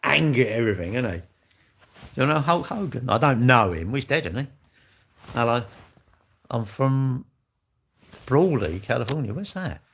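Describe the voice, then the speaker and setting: A man's voice: mid-range voice, big pitch swings, fairly quick, fairly bright tone, slight background noise. A middle-aged man hosting a casual livestream, bluntly joking and swearing as he answers his chat. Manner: blunt, jokey, swears freely, talks back to chat. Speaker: livestream host. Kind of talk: casual livestream chat reading viewer comments.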